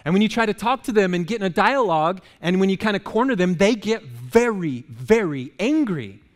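A man's voice: high voice, animated, fairly quick, big-room sound. A male pastor giving a casual, joking sermon, firing rhetorical questions at the congregation. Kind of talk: conversational sermon. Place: church sanctuary.

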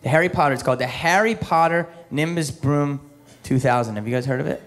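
A man's voice: fairly high pitch, quick pace. A male stand-up comedian doing a sarcastic routine, tossing joking asides to the crowd.

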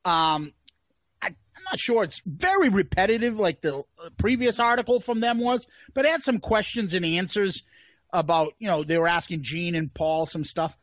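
A man's voice: sits high, animated, moderate pace, fairly bright tone, dry recording. A man co-hosting a podcast in casual chat, ranting and swearing in exasperation. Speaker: podcast co-host.

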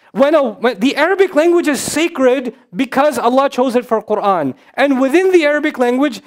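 A man giving a religious lecture to an audience, impassioned and emphatic, repeating points and rising to scolding. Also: very high-pitched. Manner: quick, emphatic repetitions. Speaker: Islamic speaker.

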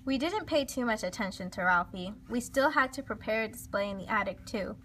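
A woman reads a children's storybook aloud with lively, expressive delivery. Her voice is fairly high and bright, with plenty of energy. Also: brisk, a little hiss or hum. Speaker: storybook reader.

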